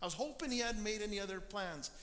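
Man, pastor, sermon, storytelling, high pitch, long hall echo. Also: expressive, fast, fairly bright tone. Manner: storytelling, acts out quoted people. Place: church sanctuary. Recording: long church reverb.

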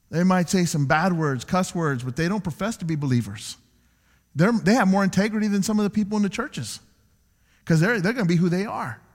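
Pastor guy preaching, high voice, acts out what people say, long echo in the church. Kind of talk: sermon. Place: church sanctuary. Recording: long church hall reverb.

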